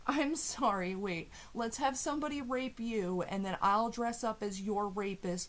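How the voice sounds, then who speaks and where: Woman vlogger, mid-pitch voice, furious, sweary, sarcastic monologue to camera. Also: moderate pace, hardly any pauses. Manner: heated, profane, sarcastic. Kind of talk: angry rant to camera.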